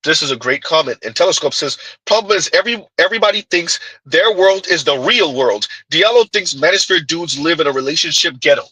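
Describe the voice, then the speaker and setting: Guy doing live stream commentary, slightly husky, super bright edgy tone, mocking, keeps asking huh?. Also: a little high, animated, brisk, hardly any pauses, no room sound, poor audio. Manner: rhetorical, needling questions with "huh?" asides; blunt, mocking. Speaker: commentary channel host.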